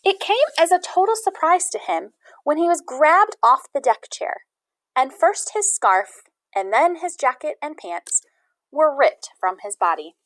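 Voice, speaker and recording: A woman reads a children's storybook aloud, with an expressive, animated delivery. Her voice sits fairly high and swings widely in pitch. The recording is dry and close. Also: measured pace, no echo. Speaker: audiobook reader.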